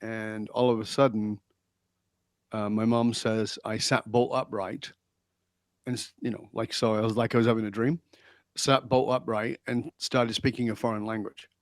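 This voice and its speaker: A man's voice: on the low side, moderate pace, dry recording. A middle-aged man from England, a podcast guest telling his life story with animation and acting out remembered lines. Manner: animated storyteller, acts out quotes. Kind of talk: storytelling interview.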